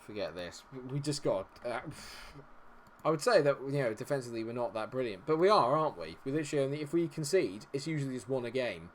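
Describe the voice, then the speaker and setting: A man's voice: medium pitch, lively intonation, fast talker, slight background noise. A man giving live commentary on a football management game, frustrated and sarcastic, swearing often. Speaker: gaming streamer.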